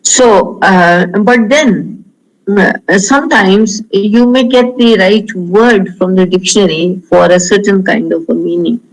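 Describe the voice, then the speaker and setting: A man with an Indian English accent giving an online lecture on pronunciation, slowing down to model words, with frequent fillers. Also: high-pitched, poor audio.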